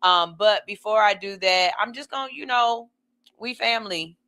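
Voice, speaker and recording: Chill vlog host, kinda gravelly, bright edgy tone, just checking in on everybody casual. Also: medium pitch, normal speed. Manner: laid-back, checks in on viewers by name. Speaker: podcast host. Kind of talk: casual motivational chat to viewers.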